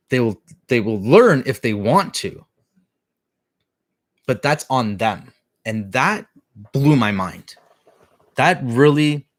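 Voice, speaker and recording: A man's voice: mid-range voice, dry recording. A middle-aged man hosting a casual live-stream chat, telling a family story in a rambling way, full of restarts and fillers.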